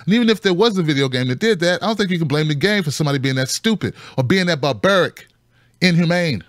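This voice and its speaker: A fairly high-voiced man riffs on the news as a show host, swinging from sarcastic squeaks to low mutters. His voice sits close and dry, with no room sound around it. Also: a bit bright, no echo. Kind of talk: casual commentary on news.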